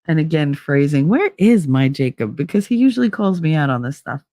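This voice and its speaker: Animated, swearing woman streamer. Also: sits low, a little fast, no echo, clean studio sound. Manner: animated, swearing, laughs often. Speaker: livestream host. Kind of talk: casual livestream chat.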